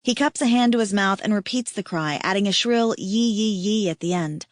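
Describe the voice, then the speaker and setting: A woman narrating a romance audiobook in first person, steady and intimate. Her voice sits at a middle pitch on a close mic. The sound is dry, with no room around it. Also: normal speed, no room sound.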